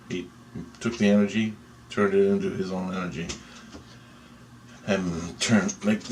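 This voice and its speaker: A man telling a dream story in an excitable, rambling way, swearing often and restarting sentences. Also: low voice, a little hiss or hum.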